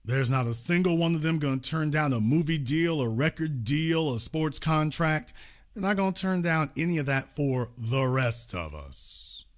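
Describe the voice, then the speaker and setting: A man hosting a show who delivers a political commentary monologue in an emphatic, repetitive, preaching manner. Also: medium pitch. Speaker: host.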